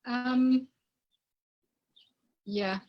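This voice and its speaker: German woman, relaxed halting chat. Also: on the high side, muffled recording. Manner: relaxed, halting, searching for words. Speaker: interview guest, dancer. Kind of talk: casual interview chat.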